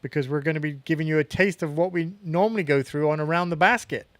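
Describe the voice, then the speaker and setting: Guy cohosting, bit higher voice, laughs a lot, dry close sound. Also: fast, no room sound. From England. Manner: laughs easily, relaxed. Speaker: podcast co-host. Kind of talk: casual chat.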